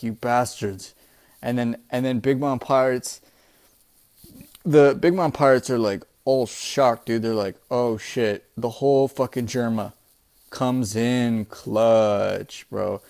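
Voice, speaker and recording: A man's voice: medium pitch, measured pace, darkish tone. A man giving a casual, profane manga chapter review as host, rambling with frequent restarts and calling listeners bro and dude. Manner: profane, laid-back, says "bro" and "dude" a lot; rambling, many restarts and fillers.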